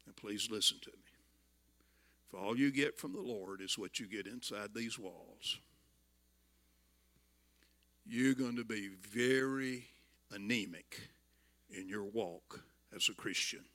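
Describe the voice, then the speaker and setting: A man in his seventies with a Southern US accent, telling stories in a folksy sermon and building to loud exclamations. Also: lowish voice, takes it slowly, long pauses. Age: 70s. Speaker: visiting preacher. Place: church.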